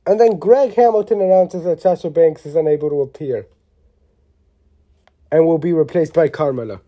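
A vlogger giving a casual, opinionated wrestling show review, rambling and excitable, often restarting sentences and swearing mildly. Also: mid-range voice, moderate pace, highs cut off. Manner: blunt, with mild swearing.

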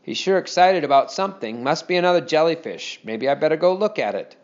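A man's voice: a little high, a little fast, close to an everyday voice. A man voicing an eager, determined young boy as he reads a story aloud. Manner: excited, earnest inner thoughts. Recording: dull lo-fi recording.

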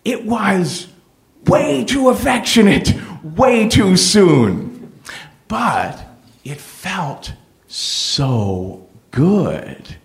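A middle-aged man hosting a podcast, telling a personal story in a playful, animated way. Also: high voice, drawn-out words, gravelly. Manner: animated, playful, full of impressions. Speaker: podcast host.

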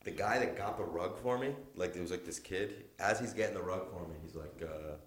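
A man's voice: low-pitched, brisk. A young man co-hosting a podcast, rambling casually, laughing often and swearing freely. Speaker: podcast co-host. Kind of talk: casual chat.

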